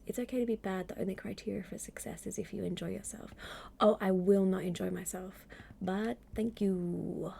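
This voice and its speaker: A woman streaming live from home at a desk microphone, reading aloud and chatting in a gentle, wry voice that often drops to a half-whisper. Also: medium pitch, steady tone, moderate pace, gravelly, slight background noise. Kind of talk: soft-spoken stream reading and chat.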